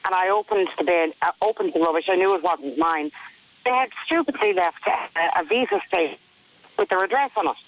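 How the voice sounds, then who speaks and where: A woman's voice: lowish voice, fairly quick, dry recording. A woman calling a radio phone-in, recounting events in a matter-of-fact, indignant way. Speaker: caller. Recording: tinny phone line on radio.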